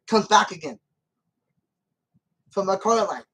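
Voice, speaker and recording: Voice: medium pitch, unhurried, rough recording. A channel host giving casual commentary on a film, rambling and repeating points with many restarts and arguing emphatically with the character.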